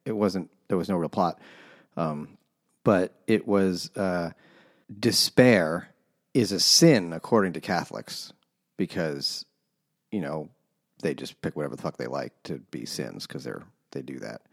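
A man's voice: deep voice, unhurried. A man in a book club discussion, talking hesitantly and rambling with trailing thoughts. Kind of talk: casual chat.

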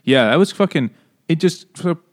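A man's voice: a little high, animated, moderate pace. Joking, profane podcast co-host man. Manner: joking, profane, laughs often. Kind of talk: casual chat over beers.

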